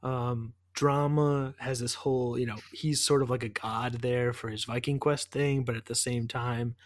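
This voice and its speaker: A man's voice: mid-range voice, flat delivery, moderate pace, no room sound, studio quality. A man co-hosting a podcast, recapping a TV episode in casual chat with many fillers. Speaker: podcast co-host.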